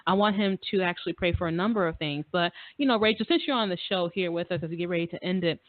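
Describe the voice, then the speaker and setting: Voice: mid-range voice, quick pace, no room sound. A radio talk show host chatting in a casual, effusive way, full of fillers and repeated phrases. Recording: dry phone-line audio.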